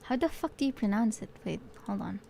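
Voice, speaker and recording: A woman's voice: medium pitch, animated, fairly quick, creaky, mellow, slight background noise. A woman streaming as a vtuber while she paints, chatting playfully with her viewers and swearing casually. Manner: playful, swears casually, muses aloud to chat.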